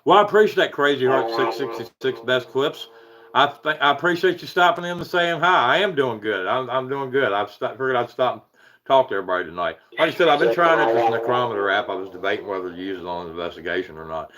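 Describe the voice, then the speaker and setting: A man's voice: medium pitch, animated, quick pace, a bit bright, rough recording. A man from Virginia with an Appalachian hill accent, chatting casually on a livestream, rambling and chuckling as he reads out viewers' names. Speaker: paranormal livestream host.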